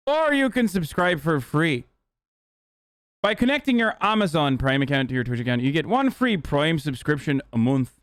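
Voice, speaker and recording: A man's voice: fairly high pitch, dry recording, clean studio sound. A man hosting a live stream, talking in a brash, sarcastic way with plenty of swearing. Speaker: streamer host. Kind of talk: casual live-stream chat.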